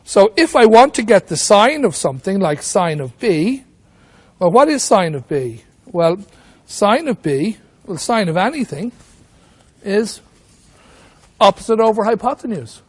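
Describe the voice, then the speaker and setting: A man's voice: high voice, big pitch swings, a little slow, long pauses, breathy edge. A man teaching maths at a whiteboard, walking through each step and asking himself questions as he goes. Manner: talks through steps with rhetorical questions. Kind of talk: whiteboard lesson.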